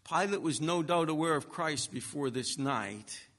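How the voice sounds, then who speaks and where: Forceful preacher man in an echoing hall. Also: on the high side, expressive, a little slow. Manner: emphatic, building to forceful peaks. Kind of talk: expository sermon. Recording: long reverb of a large hall.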